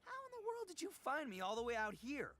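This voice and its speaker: An actor playing a blustering young male gang boss who stammers and brags, soft-hearted under the bravado. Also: very high voice, wildly swooping pitch, fast talker, slight background noise, full character voice. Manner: stammering, boastful, hesitant.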